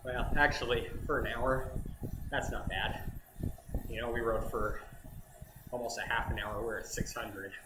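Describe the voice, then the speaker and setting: A man's voice: mid-range voice, fairly even intonation, unhurried, pauses often, reverberant, background noise. A man chatting casually while riding an indoor bike, thinking aloud as he pedals hard. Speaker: cycling vlogger.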